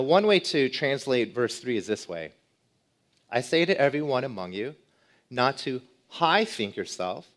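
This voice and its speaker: A man preaching an expository sermon as pastor, emphatic, repeating key words and putting questions to his listeners. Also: medium pitch.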